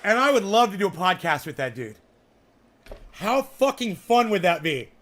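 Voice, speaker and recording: A man chatting casually as host of his own show, rambling from point to point and swearing freely. His voice sits high for a man, with a bright, sharp edge. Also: very animated, normal speed. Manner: rambling, profane, blunt. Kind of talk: casual chat.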